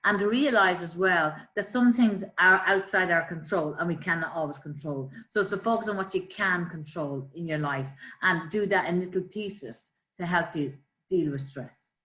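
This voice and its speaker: A woman, a life coach, calmly explaining ways to manage stress with everyday examples. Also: fairly low pitch, normal speed. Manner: calm, explanatory, gives examples. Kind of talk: conversational coaching talk. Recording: roomy echo.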